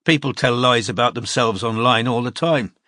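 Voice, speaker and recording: A man voicing a businesslike male detective who questions calmly and without sympathy. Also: mid-range voice, moderate pace, dry recording, studio quality, close to an everyday voice. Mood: remorseless. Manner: calm, unsmiling, remorseless.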